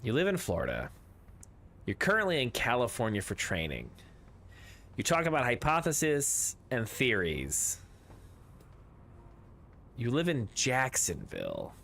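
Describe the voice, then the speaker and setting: A man's voice: medium pitch, wildly swooping pitch, unhurried, pauses often, a bit bright. Rambling, joking man at a game table. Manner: rambling, jokey, swears casually. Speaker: streamer playing a tabletop game with friends. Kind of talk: casual game-table banter.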